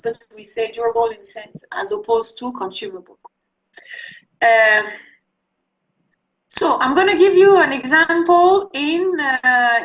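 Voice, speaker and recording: A woman's voice: on the high side, fairly bright tone, a little hiss or hum, rough recording. Woman lecturing with lots of fillers. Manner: conversational, searching for words with many fillers. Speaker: instructor. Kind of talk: online class lecture.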